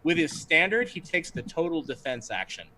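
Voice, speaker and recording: A chatty man running a tabletop game on a livestream, his voice set a little high. He narrates in an easygoing, rambling way full of ums, with a faint hiss of noise behind him. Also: very animated, moderate pace. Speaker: game master.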